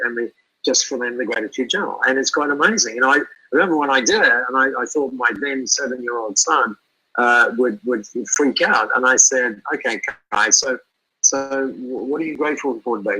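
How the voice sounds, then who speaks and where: A man's voice: mid-range voice, bright, forceful tone, breathy edge, rough recording. A middle-aged man as an interview guest, talking animatedly and often repeating words as he thinks aloud. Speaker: speaker and guest. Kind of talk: conversational interview.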